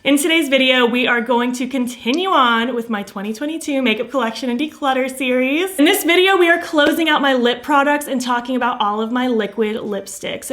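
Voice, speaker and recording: A woman's voice: fairly high pitch, a bit bright. A young adult woman chatting in a casual beauty vlog, bubbly and enthusiastic, her voice a bit tired from hours of filming. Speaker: beauty vlogger.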